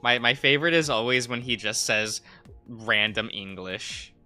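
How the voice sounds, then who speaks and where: A man's voice: medium pitch, moderate pace, pushed and bright, clear, resonant tone, faint music behind. A male streamer chatting casually while drawing on a livestream, rambling, laughing often, trailing off and humming to himself.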